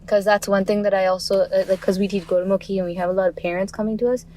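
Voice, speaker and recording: A woman's voice: mid-range voice, steady tone, fast talker, warm tone, slight background noise. A woman who teaches Gurmukhi, eagerly agreeing in a podcast chat. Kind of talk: casual podcast conversation.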